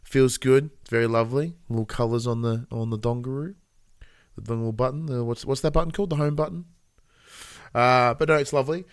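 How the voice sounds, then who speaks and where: A man's voice: mid-range voice, brisk, clean tone, no echo. An Australian man co-hosting a podcast, telling rambling stories with lots of fillers and chuckles. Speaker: podcast co-host. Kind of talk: casual podcast chat.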